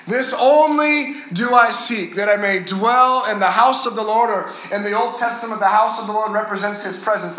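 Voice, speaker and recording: A male pastor with a high, bright voice delivers an earnest sermon. His voice swells on key lines and sinks soft and low on tender moments. It rings through a very echoey church hall, with faint noise underneath.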